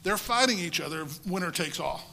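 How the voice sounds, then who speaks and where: Male preacher with a high, bright voice and a lively, storytelling delivery. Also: a little fast, vocal fry, a little hiss or hum, low-quality recording. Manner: lively storytelling, with rhetorical questions. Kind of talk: sermon.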